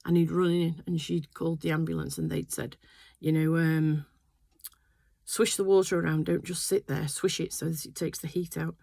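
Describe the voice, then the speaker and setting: A woman's voice: low voice, fairly even intonation, moderate pace, gravelly, warm tone, no room sound. An older woman chatting casually in her sewing room, telling a rambling family story full of fillers. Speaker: quilting vlogger. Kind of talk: casual chat.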